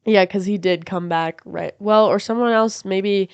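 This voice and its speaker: A woman chatting as a podcast guest in a house, animated and blunt, swearing freely. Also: mid-range voice, a little slow, clear, resonant tone, no echo, lo-fi sound. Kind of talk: casual chat.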